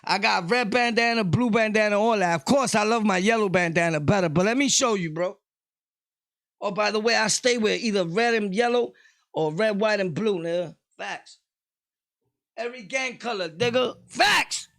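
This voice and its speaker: A middle-aged man with a New York accent, ranting casually to his viewers, loud one moment and low the next. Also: moderate pace, dry recording, clean studio sound. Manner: loud, shifting between shouting and low talk. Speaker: vlogger. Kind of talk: casual rant to camera.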